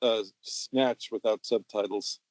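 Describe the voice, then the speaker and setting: A man's voice: fairly low pitch, fairly even intonation, slow pace. A man co-hosting a casual podcast chat, making wry joking asides. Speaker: podcast co-host.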